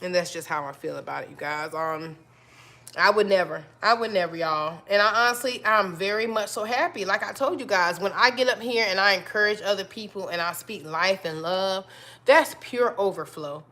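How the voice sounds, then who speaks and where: A woman's voice: mid-range voice, moderate pace, sharp tone. A woman hosting a live stream, talking casually and encouragingly to her viewers, often repeating herself and calling them y'all. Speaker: livestream host.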